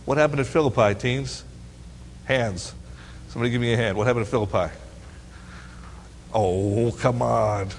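A man's voice: medium pitch, quick pace, long pauses, slight background noise. A man teaching a Bible lesson to teens, reading verses aloud and quizzing his listeners with playful questions. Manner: asks the audience questions, teasing and lively. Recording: long hall reverb.

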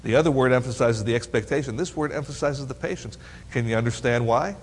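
A man's voice: medium pitch, fast, slight background noise. A man teaching a Bible lesson to teens, reading verses aloud and quizzing his listeners with playful questions. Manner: asks the audience questions, teasing and lively. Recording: long hall reverb.

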